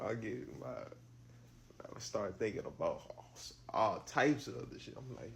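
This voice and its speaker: A man's voice: on the low side, expressive, measured pace, gravelly, a little hiss or hum. A man casually telling a personal story, loose and profane, with lots of fillers and repeated words.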